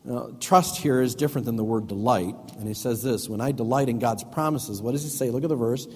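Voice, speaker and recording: A middle-aged male pastor preaching a sermon with emphatic swings between loud and hushed delivery. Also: mid-range voice, brisk, hardly any pauses, breathy edge. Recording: long hall reverb.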